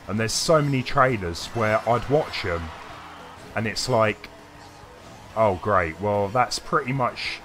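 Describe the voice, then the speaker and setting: A gaming streamer with a medium-pitched, slightly bright voice chats casually on his live stream. He reads chat and answers viewers in a rambling way, hesitating often, while faint game music plays.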